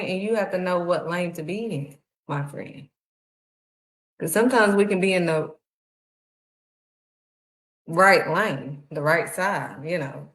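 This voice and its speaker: A woman talks about faith in a chatty, preachy way, often calling the listener "honey." Her voice sits a little low. The room around her is echoey. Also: fairly bright tone. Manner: conversational, preachy, uses "honey". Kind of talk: casual faith talk.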